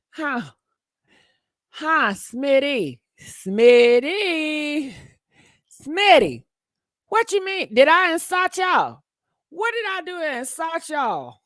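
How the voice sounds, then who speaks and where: Brash high-voiced woman streamer. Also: fairly bright tone, dry recording. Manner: brash, teasing, laughs often. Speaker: livestream host reading chat. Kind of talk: casual livestream chat.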